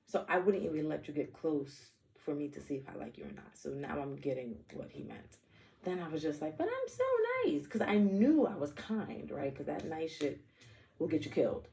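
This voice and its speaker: Brief: woman from the Bronx, lower voice, blunt and profane, rambling casual monologue. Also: moderate pace, gravelly, warm tone. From the Bronx, New York. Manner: blunt, profane, with playful asides and self-interruptions. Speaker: vlogger.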